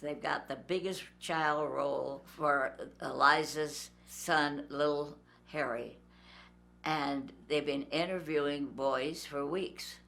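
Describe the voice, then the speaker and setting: Gravelly-voiced older woman telling a story. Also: sits low, takes it slowly. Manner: lively storyteller who acts out voices. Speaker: interviewee. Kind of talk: storytelling anecdote.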